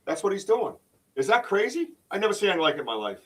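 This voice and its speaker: A man hosts a loose livestream chat, his voice sitting a little high for a man. He rambles excitedly and restarts his sentences often. He sounds as if he is set back from the microphone. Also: very fast, recorded from a distance, poor audio. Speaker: podcast host and Bigfoot researcher.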